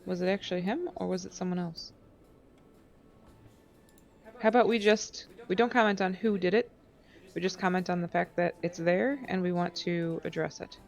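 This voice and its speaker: A woman playing a tabletop game, calmly describing her character's actions. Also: on the low side, moderate pace, vocal fry, pauses often, highs cut off. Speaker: player. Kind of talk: tabletop role-play.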